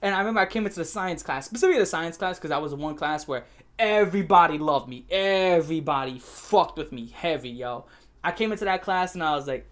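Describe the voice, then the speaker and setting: A young man telling a profane storytime rant, brash and boastful, dropping to mutters then shouting. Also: high-pitched, animated, fast talker. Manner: brash, swearing, boastful, swings between mumbling and shouting. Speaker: YouTuber.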